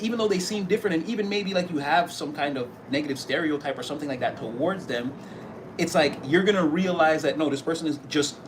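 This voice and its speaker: Brief: a man reading tarot off the cuff, rambling and loose, voice a touch higher than usual, a faint hiss behind. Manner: rambling, loose, full of fillers and restarts. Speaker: tarot reader. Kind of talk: casual spoken tarot reading.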